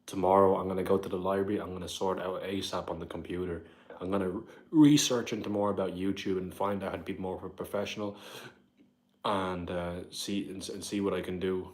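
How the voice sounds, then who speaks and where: A man's voice: low voice, fairly even intonation, brisk, a little mellow. A man with a Dublin Irish accent rambling casually on a livestream from his apartment, full of "like" and "bro". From Ireland. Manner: rambling, says "like" and "bro" often. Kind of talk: casual livestream chat, reading comments aloud.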